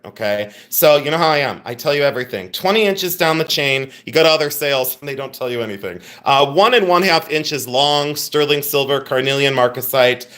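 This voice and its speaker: A man's voice: a little high, a bit bright. A man hosting a live jewelry sale stream, chatty and joking as he rambles about each piece. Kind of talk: casual live-stream selling.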